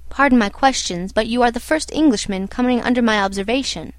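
A woman reading the lines of a calm, imperturbable little old doctor in a storybook, matter-of-fact in tone. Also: on the high side, a little fast, no echo, natural voice. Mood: calm, clinical.

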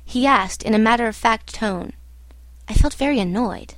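A woman giving a measured, literary audiobook narration. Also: a little high, expressive, no echo.

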